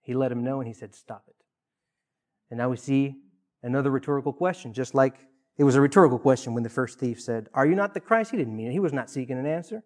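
Male preacher, mid pitch, earnest sermon delivery with emphatic repetitions. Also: darkish tone. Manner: earnest, rises in emphasis on key points with pauses and repeated phrases.

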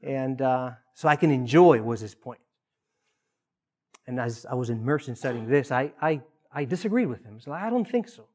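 Male preacher, mid pitch, earnest sermon delivery with emphatic repetitions. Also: expressive, a little mellow. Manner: earnest, rises in emphasis on key points with pauses and repeated phrases.

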